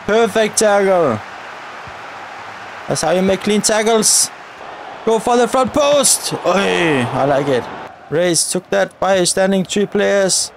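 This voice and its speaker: A man giving excitable live commentary on his football video game, often shouting at his players and the referee. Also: high voice, creaky, a little hiss or hum. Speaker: gaming YouTuber.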